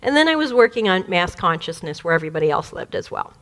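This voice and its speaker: A woman from the Detroit area, a spiritual speaker, telling a personal childhood story in an animated way, laughing often and acting out the voices. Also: on the low side, quick pace. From Detroit area, USA.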